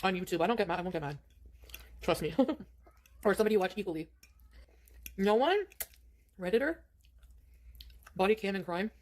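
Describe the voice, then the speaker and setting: A woman's voice: mid-range voice, lively intonation, moderate pace, long pauses, darkish tone. A middle-aged woman chatting on her own stream while eating, in a rambling way.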